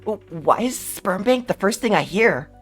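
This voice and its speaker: A man putting on an excitable young male anime hero voice to read out a chat message, gushing and breathless. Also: high voice, moderate pace, soft background music, voice pushed up. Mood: starstruck.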